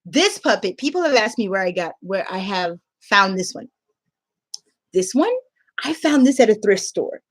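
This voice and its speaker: A woman English teacher giving casual tips in a playful, animated way, laughing often. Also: mid-range voice, moderate pace.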